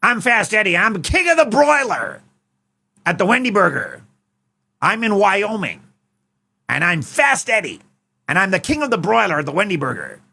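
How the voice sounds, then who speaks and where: A man putting on a loud, boastful burger-grill cook who shouts out who he is. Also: sing-song, normal speed, gravelly, pauses often, husky, full character voice. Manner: shouty, high and self-announcing.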